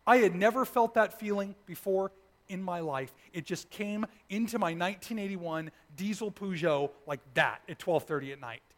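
A pastor with a fairly high male voice tells a story from the pulpit. His delivery is animated, and he swings between loud bursts and hushed, almost whispered passages. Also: moderate pace. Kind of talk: sermon with personal testimony.

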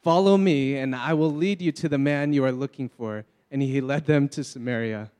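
A man's voice: medium pitch, moderate pace, a little mellow, clean tone. A man reading scripture aloud to lead a group Bible reading in a church hall, now and then joking with the crowd. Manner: reads aloud steadily, jokes with the crowd. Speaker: scripture reader. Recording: long hall reverb.

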